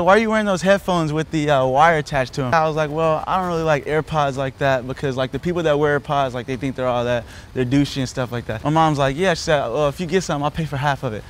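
A young man vlogging to camera, joking loudly and laughing often outside a store. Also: on the high side, a little hiss or hum. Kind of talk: prank vlog talk to camera. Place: outdoors by a store and parking lot.

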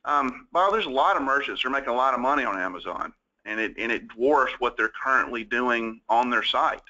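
Male host, chatty questions, bright tense voice, muffled audio. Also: mid-range voice, expressive, a little fast. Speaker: interview host. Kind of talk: casual business interview.

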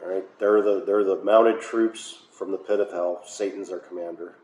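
A man's voice: deep voice, steady tone, normal speed, a little mellow. An American man, a pastor, leading a Bible study in a conversational way, with filler uhs and wry asides. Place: church hall. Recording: echoey room, faint noise.

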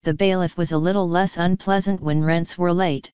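Woman narrator, audiobook, clear voice on a dull lo-fi recording. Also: lowish voice, fairly even intonation, moderate pace, darkish tone, dry recording.

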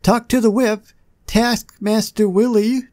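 A chatty man narrates his gameplay with a mellow, rounded tone. He drifts into muttered, self-deprecating asides. His voice sits slightly high. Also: steady tone, unhurried. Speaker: gaming channel host. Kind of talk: casual gameplay commentary.

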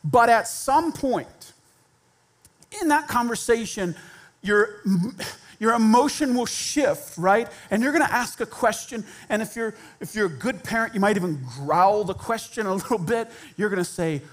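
Man preaching in church, lively and theatrical, voices the people in his stories. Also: sits high, measured pace. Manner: animated, acts out quoted voices. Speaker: pastor. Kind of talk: sermon. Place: church sanctuary.

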